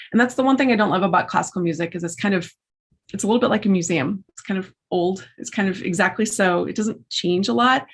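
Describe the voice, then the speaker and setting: A woman, a guest in an interview, chatting in an animated, storytelling way about her work as a musician and entrepreneur. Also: medium pitch. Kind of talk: casual interview chat.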